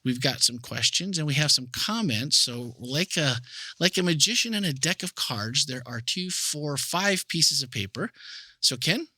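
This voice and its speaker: A man's voice: fairly high pitch, animated, a little slow, sharp tone, no echo. A man hosting a church podcast in an upbeat, chatty way, reading listener messages and running a giveaway. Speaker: podcast host. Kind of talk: casual chat, hosting.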